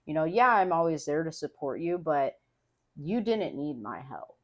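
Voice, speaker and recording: Appearing on the podcast her husband hosts, this young woman has a notably deep speaking voice and an easygoing, frank manner. Her sentences wander, filled with "like" and casual cursing, delivered at a normal pace on a muffled recording.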